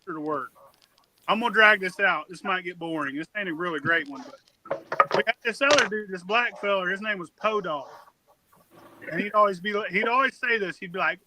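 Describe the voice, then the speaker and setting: A man's voice: high voice, fairly quick, a loud crowd, low-quality recording. A man telling a long, rambling, profane story on a casual podcast.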